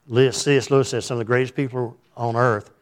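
A man's voice: medium pitch, steady tone, fast talker. A middle-aged man preaching a conversational sermon in a folksy, rambling way, often putting questions to his listeners.

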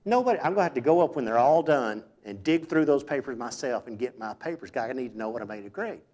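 Folksy preacher, soft and loud. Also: male voice, mid-range voice, expressive, fast. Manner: folksy, conversational preaching with sudden loud bursts and hushed asides. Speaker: pastor. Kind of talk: sermon.

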